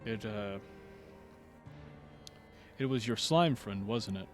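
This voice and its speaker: A man's voice: lowish voice, expressive, slow, faint music behind. Marquise, a solemn consoling warrior voiced by a man.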